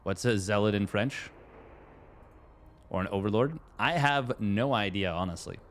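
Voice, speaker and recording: A Canadian man with a Canadian English accent casts a tournament casually and chattily, reading viewers' questions aloud and answering them. His voice is lowish and a bit bright, and he speaks a little slowly.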